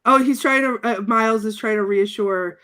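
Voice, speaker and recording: A woman with a high voice chats casually on a podcast, breaking into giggles often. She retells movie scenes from her notes and acts out the quoted lines with lively energy. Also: normal speed. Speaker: podcast co-host reviewing a film.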